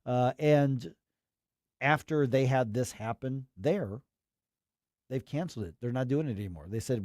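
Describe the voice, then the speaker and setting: A man's voice: mid-range voice, a little slow, dark tone, no room sound, clean studio sound. A man hosting a talk radio show, giving emphatic, rambling opinions with acted quotes.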